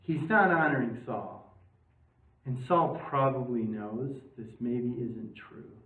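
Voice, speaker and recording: A man teaching a casual Bible study class, chatty and joking, often putting questions to his listeners. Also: mid-range voice. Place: parish meeting room. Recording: tinny, echoey room, mic far off.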